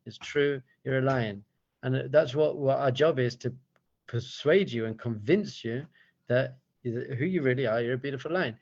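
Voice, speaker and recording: A man speaking as a rabbi, giving an animated teaching talk full of storytelling. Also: medium pitch, moderate pace, vocal fry, muffled recording.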